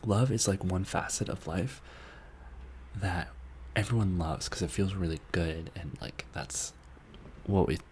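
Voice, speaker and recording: A man hosting a soft-spoken ASMR live chat, answering viewer messages in a tender, earnest, rambling way that drifts into whispers. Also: low-pitched, unhurried, a little hiss or hum. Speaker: ASMR channel host reading viewer messages.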